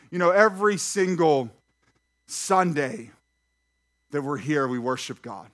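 A man with a fairly high speaking voice preaches to his congregation in church. He keeps things lively, tossing out questions and light jokes as he goes. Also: measured pace, pauses often. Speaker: pastor. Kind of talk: sermon. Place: church sanctuary.

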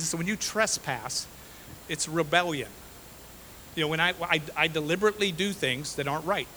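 A man preaching a sermon from the pulpit with a bright, forceful voice pitched a little high. He hammers his points by repeating phrases and keeps checking in with the congregation. A faint hiss runs under the recording. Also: normal speed, poor audio. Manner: emphatic, repeats phrases, frequent "okay?" and "right?". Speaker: pastor.

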